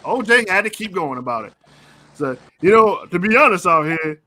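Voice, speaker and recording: A man hosting a casual sports talk show, animated and joking, repeating phrases for emphasis. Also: high-pitched, normal speed.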